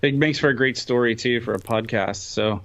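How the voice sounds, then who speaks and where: A man's voice: mid-range voice, normal speed. Laid-back man, slightly dull recording. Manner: relaxed, bro-ish, fills with "uh" and "dude". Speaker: podcast co-host. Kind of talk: casual podcast chat.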